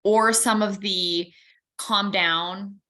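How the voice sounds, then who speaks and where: A woman co-hosting a self-help talk, chiming in with quick asides and quoted remarks. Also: mid-range voice, steady tone, bright, forceful tone. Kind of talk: casual chat.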